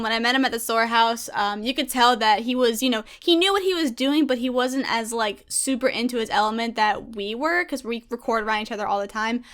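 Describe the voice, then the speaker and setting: A young woman with a high, bright-sounding voice chats on a gaming vlog. She is bubbly and giggly and gushes about people she admires. Her talk is loose and casual. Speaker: gaming YouTuber.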